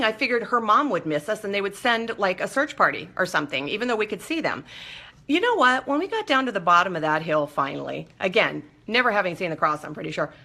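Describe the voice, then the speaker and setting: A woman hosting a talk show, telling a personal story in a lively, chatty way with playful asides. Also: mid-range voice. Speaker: show host.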